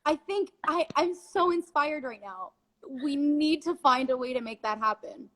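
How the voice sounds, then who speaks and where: A woman's voice: sits high, animated, a little slow, a bit bright, low-quality recording. A woman in her twenties, a guest in a casual chat, telling stories animatedly and laughing easily.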